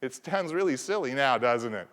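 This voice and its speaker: A man's voice: medium pitch, lively intonation, moderate pace, a bit bright. Man joking on stage in echoing hall. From American South. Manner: playful, teasing the audience. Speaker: conference presenter. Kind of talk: keynote talk. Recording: reverberant conference hall.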